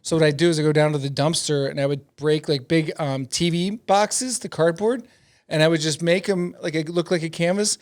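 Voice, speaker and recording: A man's voice: on the high side, steady tone, a little fast. A middle-aged man, a comedian guest telling rambling, profane stories in a casual interview, laughing often.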